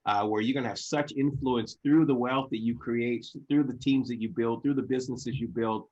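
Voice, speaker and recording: A man's voice: medium pitch, fairly even intonation, moderate pace, a little mellow, dull audio. A man hosting an online business event, heaping praise and blessings on his guest in a fervent motivational style, often restarting and repeating his phrases. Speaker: host.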